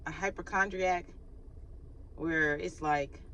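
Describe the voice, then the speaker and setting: A woman with a fairly low, bright, forceful voice speaks slowly and pauses often, over a little hiss or hum. Hosting her faith channel without her microphone, she gives a chatty, casual spiritual reading, laughing often and acting out sighing quotes.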